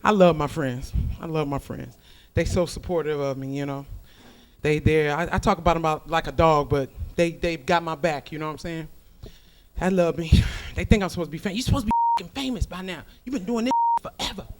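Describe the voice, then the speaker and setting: A woman performs stand-up on a club stage, loud and brash, cursing freely as she riffs. She works the room with punchy, profane crowd work into a handheld stage mic. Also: sits low, a little fast. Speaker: stand-up comedian. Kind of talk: stand-up comedy set.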